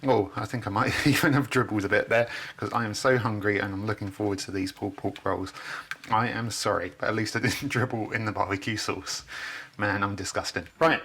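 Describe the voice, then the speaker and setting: A man's voice: on the low side, a bit bright, husky. A man, chatting enthusiastically while he cooks in his home kitchen for a video. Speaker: cooking vlogger. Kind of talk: casual cooking demonstration.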